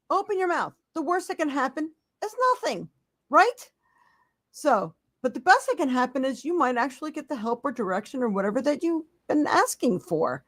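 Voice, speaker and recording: A woman's voice: on the high side, no room sound, clean studio sound. A woman hosting a live psychic tarot stream, talking casually, laughing often and giving blunt encouragement. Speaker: psychic tarot reader, podcast host.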